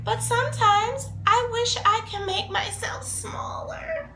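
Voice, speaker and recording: A woman voicing a big, sad young bird in a high, plaintive storybook voice. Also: takes it slowly, sharp tone, exaggerated voice. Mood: wistful. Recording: echoey room, faint background noise.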